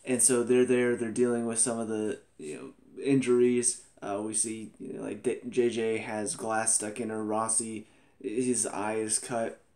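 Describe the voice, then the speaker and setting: A young man talking casually in a TV episode review vlog. He is animated, laughs often and exclaims in disbelief. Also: fairly low pitch, measured pace.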